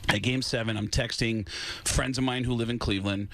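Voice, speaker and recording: A man's voice: mid-range voice, fairly quick. A male comedian telling stories in casual radio studio chat, acting out the voices of people he quotes. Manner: animated storyteller, acts out quoted voices. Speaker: comedian guest.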